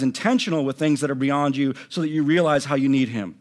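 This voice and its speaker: A man preaching a sermon from a church stage, swinging between loud emphatic lines and hushed, near-whispered passages. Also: medium pitch, brisk, hardly any pauses. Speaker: pastor.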